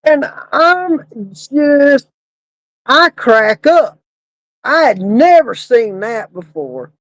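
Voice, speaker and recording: A woman's voice: high-pitched, no echo, low-quality recording. A woman casually telling a funeral home story, often breaking into laughter. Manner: laughing, Southern-style folksy storytelling.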